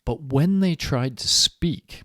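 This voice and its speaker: A man's voice: on the high side, slow pace, fairly bright tone, no room sound, studio quality. A man giving a recorded university lecture in a conversational, explaining way.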